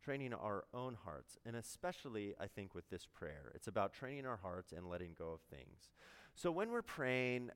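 A man's voice: fairly low pitch, sing-song, normal speed, fairly bright tone, smooth, long reverb tail. A man preaching a sermon in a conversational way, asking the congregation questions and answering them himself. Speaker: pastor.

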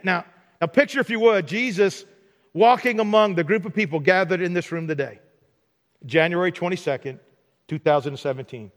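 Man, pastor, high voice, long hall reverb, animated preaching. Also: moderate pace. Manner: animated, acts out mock dialogues for laughs. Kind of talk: sermon. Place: church sanctuary.

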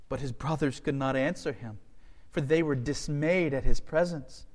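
Pastor guy reading scripture, high voice, slow and earnest, echoey church hall. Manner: emotional, earnest reading, choked up at times.

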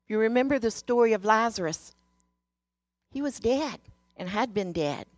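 In this sermon, a woman shares a devotional message in an earnest, storytelling way, moving between hushed moments and emphatic ones. Her voice is slightly high with lively intonation, her pace is moderate, and the recording is dry.

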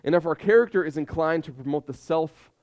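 A man's voice: a little high, brisk, darkish tone. A man in his thirties preaching a sermon with emphatic repetition and rhetorical questions. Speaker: pastor.

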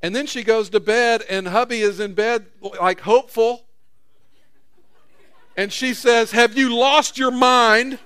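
Smooth-voiced preaching man, close and dry. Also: high-pitched, fairly bright tone, dry recording. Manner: conversational preaching, acts out quotes with rising intensity. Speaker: pastor. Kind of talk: sermon.

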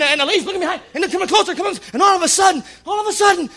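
A man in his fifties preaching a sermon, telling stories and building up to shouted praise. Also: very high-pitched, lively intonation, very fast.

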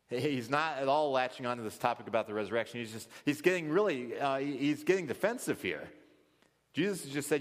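A man's voice: mid-range voice, animated, a little fast. A man teaching a Bible study, explaining scripture thoughtfully and acting out quoted lines. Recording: long hall reverb.

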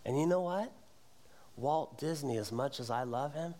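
A middle-aged man preaching a sermon in church, with animated delivery that climbs to emphatic peaks. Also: medium pitch, normal speed. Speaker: pastor. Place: church sanctuary.

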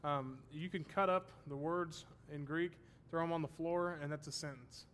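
A man's voice: fairly high pitch, fairly even intonation, normal speed, a bit bright, slight background noise. A man teaching a Bible study class, explaining terms and checking that his students follow, with the odd self-deprecating joke.

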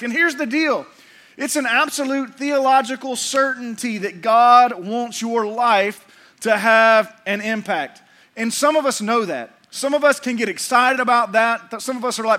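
High-voiced man preaching a sermon. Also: normal speed, bright, forceful tone. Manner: emphatic preaching with repetition and audience call-outs. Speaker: pastor.

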